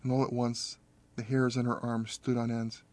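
A man reading a horror story aloud as narrator, in a steady, measured storytelling manner. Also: medium pitch. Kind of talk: scripted audiobook narration.

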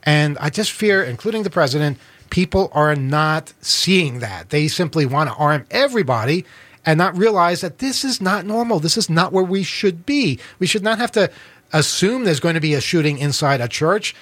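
A man with a New York accent hosting a political talk show, earnest and halting with many fillers. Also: fairly high pitch, animated, fairly bright tone, no echo. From Queens, New York. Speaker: show host.

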